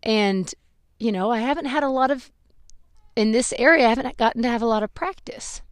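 A woman's voice: on the high side, a little fast, smooth, no echo, studio quality. A middle-aged woman hosting a podcast, telling a personal story in a candid, rambling, self-reflective way. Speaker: podcast host.

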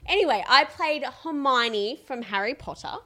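Female co-host, playful, a touch high-pitched. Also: animated, normal speed, bright, forceful tone. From Australia. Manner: playful, asks the audience. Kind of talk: casual chat.

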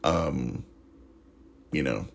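Sarcastic husky-voiced man reviewing a movie. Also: a bass voice, drawn-out words. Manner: sarcastic, rambling, swears casually. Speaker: podcast host reviewing a movie. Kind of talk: casual comic monologue.

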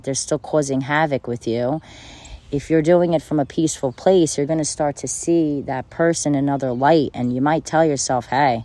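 A self-help speaker in a casual motivational monologue, blunt and profane, hammering the same points again and again. The voice sits in a middling pitch with a dark, mellow tone. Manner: blunt, profane and repetitive, with bursts of laughter.

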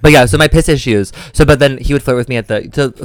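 A man's voice: medium pitch, fast, no room sound. A young man co-hosting a podcast, telling a story in casual chat and acting out the voices of the people in it. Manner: animated storyteller who acts out quoted voices. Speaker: podcast co-host.

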